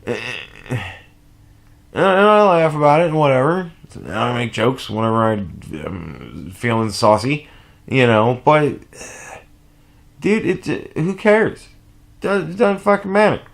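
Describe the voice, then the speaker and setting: A man with a gravelly, fry-laden voice rants in a casual reaction vlog. He swears freely and jumps between thoughts with false starts, sounding short on sleep. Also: medium pitch, slow, pauses often. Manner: animated, profane, rambling with restarts. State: sleep deprived. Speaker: commentary vlogger.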